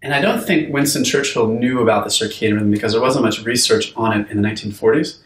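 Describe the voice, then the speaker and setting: A man's voice: mid-range voice, fast, far from the mic. A man teaching in an echoey room. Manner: conversational, frequent fillers and restarts. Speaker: course instructor. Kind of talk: unscripted video lesson.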